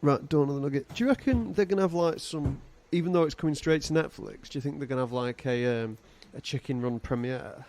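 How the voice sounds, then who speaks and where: A man's voice: mid-range voice, brisk, hardly any pauses, darkish tone. A man co-hosting a podcast, bantering in a teasing, playful way. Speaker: podcast co-host. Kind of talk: casual chat.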